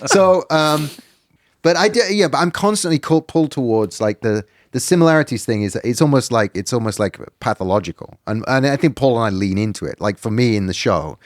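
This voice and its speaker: Wry, animated middle-aged man. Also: medium pitch, a little fast, no room sound, clean studio sound. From Britain. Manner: animated, wry, jumps between loud and quiet. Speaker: guest, documentary director. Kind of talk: casual podcast conversation.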